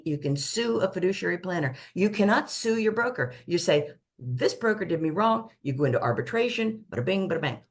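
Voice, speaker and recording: An older woman who works as a financial planner explains money matters over a casual video chat. Her voice is deep, and she speaks emphatically, leaning on playful catchphrases.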